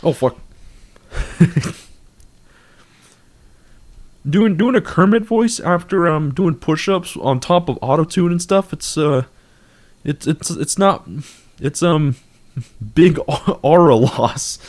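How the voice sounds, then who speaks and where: A man's voice: fairly high pitch, expressive, slow, long pauses, a little mellow. A young man streaming a game, chatting casually in a rambling, laughing, self-mocking way through a desk microphone with auto-tune on. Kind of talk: casual gameplay commentary.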